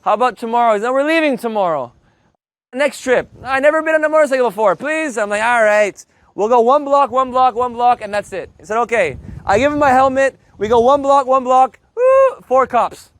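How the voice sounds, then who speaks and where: A man from Canada teaching a live Spanish class, telling a story in a playful, animated way and acting out the voices. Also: very high-pitched, normal speed, no echo. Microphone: loudspeaker mic.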